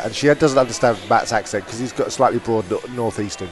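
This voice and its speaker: A man's voice: mid-range voice, fast, faint music behind. A man hosting a podcast, telling a story casually, laughing often and acting out what people said. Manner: animated, laughs often, acts out quotes. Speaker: podcast co-host. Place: tour bus.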